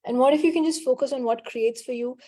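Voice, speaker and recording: Female coach on a video call, talks straight and scolding, mellow voice pitched a bit high. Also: fast talker. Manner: blunt, direct, scolding. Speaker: healing coach and call facilitator.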